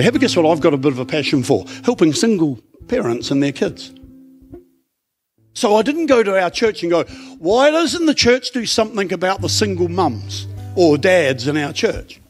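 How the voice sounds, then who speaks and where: A middle-aged pastor with an Australian accent preaches a sermon in church in a somewhat high voice, keeping it conversational and animated and full of rhetorical questions.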